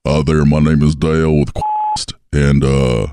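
A man's voice: a bass voice, huge pitch swings, a little slow, very noisy. A man making a prank phone call in a smug, condescending tone. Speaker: prank caller.

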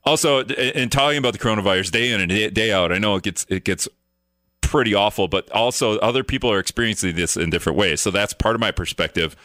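A man's voice: lowish voice, quick pace, sharp tone, no echo, studio quality. A man hosting a live talk radio show, chatting casually on his own, rambling, correcting himself and joking with sarcasm.

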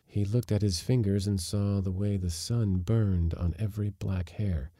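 A man reading a short story aloud, acting out the dialogue with big jumps in pitch and force. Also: steady tone, unhurried, mellow, no room sound, studio quality. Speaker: narrator.

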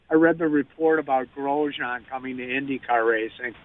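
A man calling in to a radio show as a racing reporter, chatting in a lively way and laughing easily. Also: mid-range voice, normal speed, hardly any pauses, no room sound. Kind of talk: phone-in radio chat. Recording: tinny phone line.

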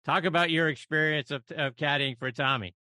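Host, male, bright forward tone, dry booth sound, friendly questions. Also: a little high, steady tone, brisk, dry recording. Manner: friendly, laughs along with the guest. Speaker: podcast host. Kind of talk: interview questions.

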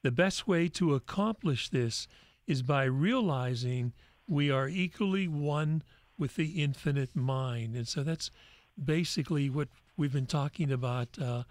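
A man hosting an interview, reading quoted passages aloud in a measured, deliberate way before asking a question. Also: on the high side, no echo. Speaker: interview host.

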